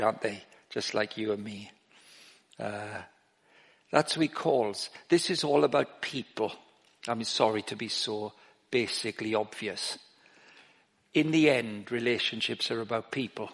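A middle-aged man preaching an informal sermon, breaking off and restarting his sentences and growing animated as he tells stories. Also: mid-range voice, gravelly. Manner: informal, self-interrupting, grows animated while telling stories. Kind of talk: sermon with anecdotes. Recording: long reverb of a large hall.

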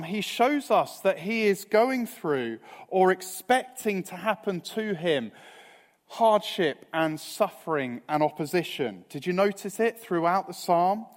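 A man delivers a sermon in an unhurried, deliberate cadence. He speaks earnestly, and each phrase sinks quietly at its close. The sound carries a long church-hall reverb. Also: on the high side. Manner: earnest, measured, trailing off softly at phrase ends. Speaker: preacher. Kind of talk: evening sermon.

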